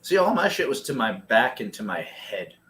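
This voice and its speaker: A man co-hosting a casual podcast. He talks excitedly and laughs easily, with heavy swearing. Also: medium pitch, a little hiss or hum. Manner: excitable, profane, quick to laugh. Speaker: podcast co-host. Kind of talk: casual chat.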